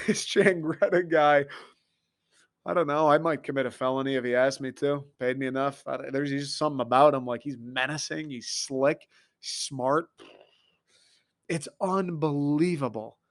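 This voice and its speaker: An American man hosting a podcast, ranting casually about TV in an excitable, profane, animated way. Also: medium pitch, moderate pace. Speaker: podcast host. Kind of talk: casual solo rant.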